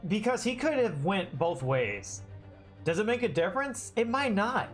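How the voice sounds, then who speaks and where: A streamer chats casually over gameplay, thinking aloud in loose, hesitant runs full of restarts. The voice sits at a middling pitch, and faint music plays underneath. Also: very animated, normal speed. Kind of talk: casual live-stream commentary while playing a game.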